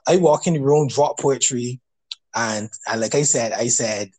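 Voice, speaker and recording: A man with a Barbadian accent, hosting a podcast and telling stories in a casual, animated chat with frequent restarts. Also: medium pitch. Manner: animated storyteller, quick to laugh, many restarts. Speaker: podcast host.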